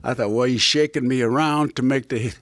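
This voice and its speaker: A man's voice: medium pitch, fairly even intonation, a little fast, fairly bright tone, no room sound, clean studio sound. An older man, a former catcher and broadcaster, telling rambling baseball anecdotes with punchlines to a small audience. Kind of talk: casual storytelling to a small audience.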